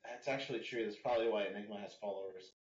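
A man's voice: lowish voice, racing, heavy background noise. A man hosting a casual online podcast interview, joking and breaking into laughter. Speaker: podcast host. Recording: dull lo-fi audio in an echoey room.

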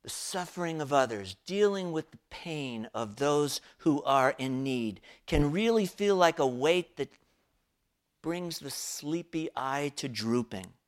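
Unhurried man preaching a sermon. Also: on the high side, lively intonation. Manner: reflective, unhurried. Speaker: pastor.

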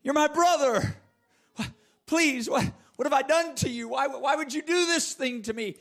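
Male actor as a desperate teenage boy, anguished pleading, higher voice, repeating himself. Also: fairly quick, a little mellow, slightly rough. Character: desperate seventeen-year-old boy pleading with brothers.

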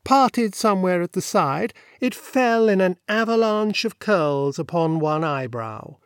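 A man reading a classic novel aloud as an audiobook narrator, with measured, wry and elegant phrasing. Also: high voice, expressive, clean tone, no room sound, clean studio sound.

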